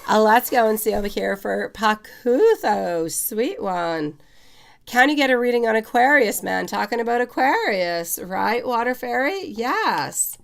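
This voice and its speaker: A woman's voice: a little high, big pitch swings, measured pace, vocal fry. A woman, chatting on a live-stream tarot reading and calling her viewers sweetie. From Quebec, Canada. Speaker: tarot reader.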